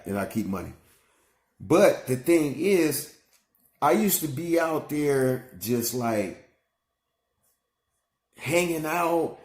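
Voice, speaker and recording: A man lectures straight to the camera, cussing freely and hammering his points home by repeating them. His voice sits at an ordinary middle pitch. The room around him rings with a noticeable echo. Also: darkish tone. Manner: blunt, cussing, emphatic, repeats himself. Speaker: vlogger giving life advice. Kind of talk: profane motivational monologue. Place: at home with his young son nearby.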